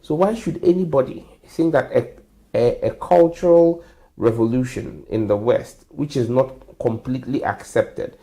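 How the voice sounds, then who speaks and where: A man appearing as a politician guest on a studio talk show, arguing his case forcefully. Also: medium pitch, moderate pace. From Ghana. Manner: forceful, argumentative.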